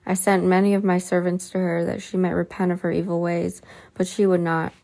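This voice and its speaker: A woman reading the lines of Jesus as a gentle, solemn man in a storybook reading. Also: fairly low pitch, level tone, vocal fry. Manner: slow, soft and solemn.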